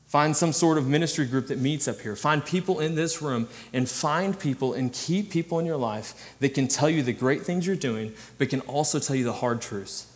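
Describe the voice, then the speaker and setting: A man preaching a sermon as a student ministry pastor, telling animated stories with self-deprecating humor. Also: fairly high pitch, normal speed, hardly any pauses. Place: church sanctuary. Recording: long hall reverb.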